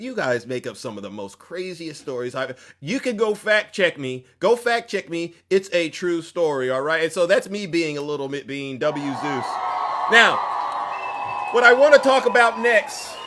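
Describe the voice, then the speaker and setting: A man hosting a fiery political commentary show, mocking and preachy, shouting to drive his points home. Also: on the high side.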